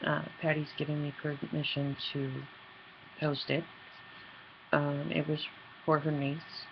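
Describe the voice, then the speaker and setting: This is a woman with a gravelly, creaky voice, talking in an earnest, halting way about her investigations as a personal video diary. She stumbles and restarts often. The sound is dull and lo-fi, with a faint hiss behind her. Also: sits low, little pitch movement. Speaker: paranormal investigator and team leader.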